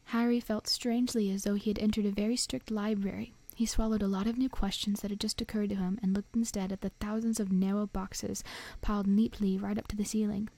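A woman reading a storybook aloud in a soft, often whispered voice. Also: mid-range voice, flat delivery, a little fast, few pauses, no room sound. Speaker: reader.

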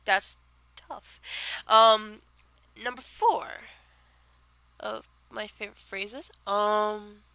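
Giggly Southern woman, slow and bright. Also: mid-range voice, clean tone, dry recording. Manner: giggly, rambling, many fillers. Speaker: vlogger answering question tag. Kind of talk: casual chat.

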